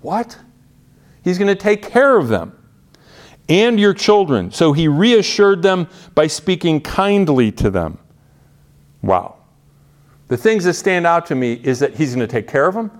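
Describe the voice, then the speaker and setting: A man's voice: a little high, sing-song, measured pace, pauses often. A man preaching a sermon in an earnest, conversational way, often restarting his phrases. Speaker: pastor.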